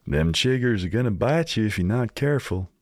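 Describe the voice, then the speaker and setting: A man putting on the voice of a cheerful, smiley American man in his seventies, with a Midwestern accent and a hearty, booming delivery. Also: animated, a little fast, dry recording, clean studio sound, lightly acted. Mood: hearty warning. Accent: Midwestern American put-on. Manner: booming, hearty, said with full chest.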